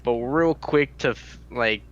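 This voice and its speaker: Smooth-voiced young man, lo-fi mic. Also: mid-range voice, slow pace. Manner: relaxed, rambling recap with swearing. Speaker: host. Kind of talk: casual anime review chat.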